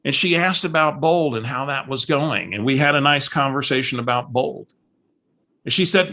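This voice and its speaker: Bright-voiced male coach telling a story. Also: mid-range voice, normal speed. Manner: animated storyteller who acts out voices. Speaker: real estate coach.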